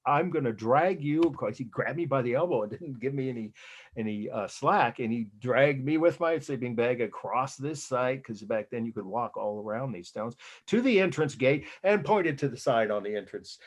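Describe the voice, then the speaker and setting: A man's voice: medium pitch, expressive, normal speed. An older man with an American accent giving an art history lecture in a rambling, chatty way, full of fillers and restarts. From United States. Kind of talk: casual lecture with anecdotes.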